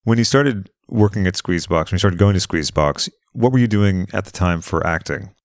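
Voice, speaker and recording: A man's voice: low-pitched, fairly quick, no room sound, clean studio sound. A man hosting a podcast, easygoing and laughing often, asking questions in a casual chat. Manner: easygoing, laughs often, short backchannel replies. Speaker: podcast host. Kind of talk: casual conversation.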